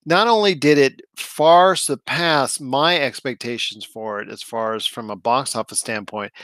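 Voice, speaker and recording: An enthusiastic man co-hosting a casual movie review talk, leaning on stock phrases as he goes. His voice sits at an ordinary middle pitch. The sound is dry and close, with no room echo. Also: a bit bright. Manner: enthusiastic, repeats catchphrases like "I'll tell you what". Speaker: movie podcast host.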